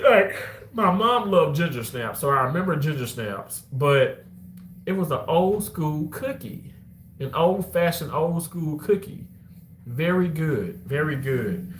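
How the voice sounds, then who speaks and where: A man chatting casually with his live-stream viewers, rambling and animated, now and then bursting into loud excited shouts. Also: fairly high pitch. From Mississippi. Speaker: vlogger reading live chat. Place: outdoors on a walk. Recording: roomy, with faint ambient noise.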